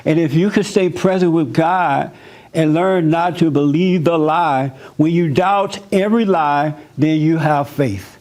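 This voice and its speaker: A male pastor with a higher-than-usual voice for a man, unhurried and somewhat dark in tone, preaches a loose, humorous sermon. He's conversational and joking, circling back and repeating his points.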